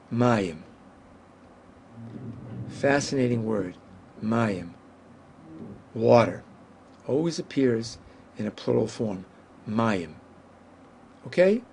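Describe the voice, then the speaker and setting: A male Hebrew teacher talks through a lesson at an unhurried pace, with a gravelly edge to his voice. He explains patiently and says each word slowly and with care. A faint hiss sits under the recording. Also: mid-range voice, a little mellow. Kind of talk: whiteboard language lesson.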